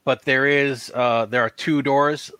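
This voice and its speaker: A man's voice: mid-range voice, fairly even intonation, unhurried, pushed and bright, smooth, dry recording. A man narrating a tabletop game as game master in a casual, rambling way, with lots of "like" and "um.".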